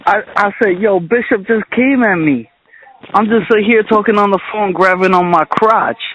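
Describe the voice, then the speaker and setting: A man's voice: high voice, moderate pace, highs cut off. A man calling into a radio show, bantering playfully with the guest. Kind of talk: casual radio call-in chat.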